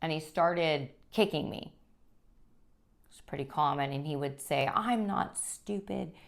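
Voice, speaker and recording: A woman sharing her personal story as a guest, speaking earnestly and haltingly, with frequent restarts. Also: low voice, steady tone. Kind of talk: personal testimony.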